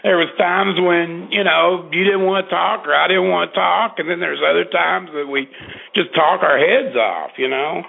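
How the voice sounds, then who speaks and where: A man's voice: high voice, normal speed, gravelly, husky. A man reminiscing in an easygoing, casual conversation about life on the road. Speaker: wrestling interview participant. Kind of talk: casual chat. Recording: tinny phone-like audio.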